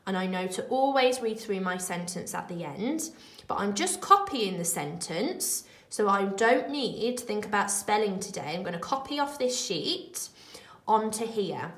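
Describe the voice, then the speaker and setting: A woman primary school teacher talking young children through a remote lesson, slow, clear and encouraging. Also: mid-range voice, expressive, a bit bright, roomy sound, rough recording.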